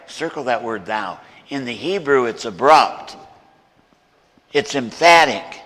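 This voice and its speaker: A man preaching a sermon as a guest pastor in a church, moving between hushed storytelling and loud, emphatic preaching. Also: mid-range voice, animated, slow pace, big-room sound. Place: church sanctuary.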